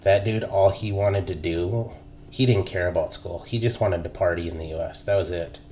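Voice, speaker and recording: Brief: low-voiced man in his thirties, relaxed profane storyteller, faint hum behind. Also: moderate pace. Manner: laid-back, profane, laughs through stories. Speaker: podcast co-host, army veteran. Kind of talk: casual chat, storytelling.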